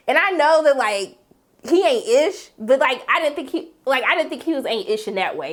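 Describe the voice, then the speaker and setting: A young woman reviewing a TV episode in a casual vlog, talking in a sassy, slangy way with big swoops up in pitch on exclamations. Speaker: TV show reviewer.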